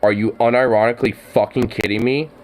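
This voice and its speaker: A man's voice: mid-range voice, fairly even intonation, brisk, a little mellow, poor audio. A man streaming his reaction to a video, ranting angrily and swearing constantly. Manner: angry, swearing rants. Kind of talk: profane reaction commentary.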